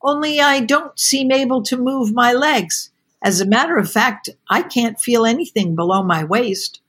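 A woman's voice: a little high, animated, moderate pace, a bit bright, husky. Woman reading as an eager young soldier. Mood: weak. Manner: eager, boyish, later weak and tired. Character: young eager male soldier, boyish and brave.

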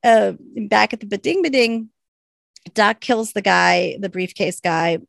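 A woman co-hosting a podcast, casually recapping a TV episode, animated and laughing often as she acts out the characters' lines. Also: mid-range voice, measured pace, vocal fry, dry recording. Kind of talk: casual chat.

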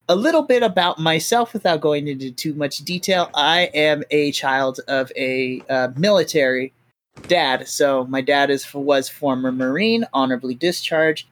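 A man hosting a relaxed podcast chat after a tabletop game, explaining things at length. His voice sits a bit high, and he talks in loose, filler-heavy sentences. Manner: chatty, explains with lots of fillers. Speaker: game master and host.

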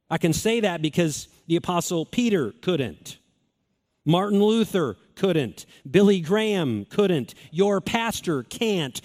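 A man preaching a sermon as pastor, earnest and emphatic, repeating key phrases and slowing down for stress. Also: high-pitched, animated, darkish tone. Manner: earnest, emphatic repetition, swings between quick and slow phrasing.

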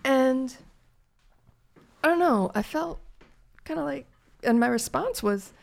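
Slow, gravelly-voiced woman chatting. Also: high-pitched, expressive, a little mellow. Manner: unhurried, reflective, halting with fillers. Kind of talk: casual chat.

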